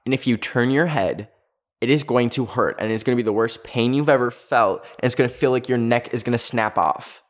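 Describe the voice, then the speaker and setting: A young man telling a story to camera in a loose, chatty way, with "like" scattered through every sentence. His voice has a middling pitch and an ordinary, everyday sound. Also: a little fast. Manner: chatty, fills speech with "like". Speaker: video creator. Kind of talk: storytime vlog.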